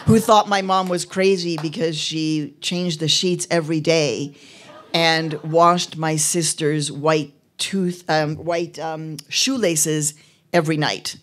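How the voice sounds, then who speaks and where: A woman in her fifties, from Mexico City and raised in Chicago, giving a keynote speech at an arts venue in a lively storytelling way, with frequent fillers. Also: low voice, slow pace. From born in Mexico City, grew up in Chicago. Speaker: keynote speaker. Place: arts venue event with a live audience.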